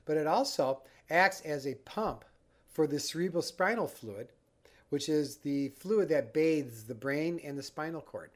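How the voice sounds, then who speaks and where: A man teaching a breathing exercise for anxiety, guiding the listener step by step in a calm, instructive way. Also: a little high, a little slow. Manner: calm, guiding, acts out the panicked mind. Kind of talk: instructional talk.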